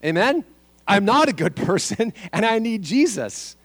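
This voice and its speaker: A man's voice: high voice, very animated, a little slow, husky, no room sound. A man preaching a sermon as a pastor, asking the congregation rhetorical questions and repeating his key lines.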